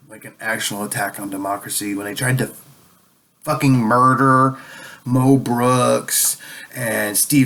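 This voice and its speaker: A man's voice: medium pitch, a bit bright. A man delivering a rambling, profane political rant as a vlogger, sounding a bit tipsy and sarcastic.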